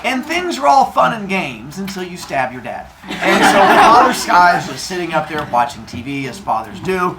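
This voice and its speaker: A man retelling a myth to a live audience of kids in an animated, jokey way, acting out voices. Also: high-pitched, moderate pace, hardly any pauses, very noisy. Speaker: storyteller for kids.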